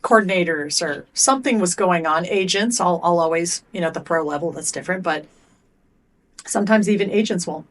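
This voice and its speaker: With a fairly low voice and a slightly quick pace, a middle-aged woman being interviewed on a podcast about her work as a performance coach tells frank stories. She voices both the athletes and herself, cursing without fuss.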